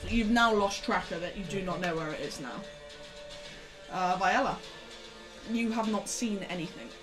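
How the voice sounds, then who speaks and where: A woman guiding her players through a tabletop session. She explains the rules calmly and patiently, with the odd stumble and restart. Music plays loudly in the background. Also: mid-range voice, moderate pace. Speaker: dungeon master. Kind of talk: running a tabletop game session. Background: music playing in the background.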